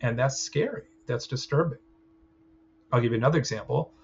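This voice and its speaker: A man leads a recorded clinical training lecture, explaining ideas loosely and conversationally and often checking in with "right?". His voice is medium-pitched and a little fast, with some hiss or hum. The sound is slightly dull, with faint ambience.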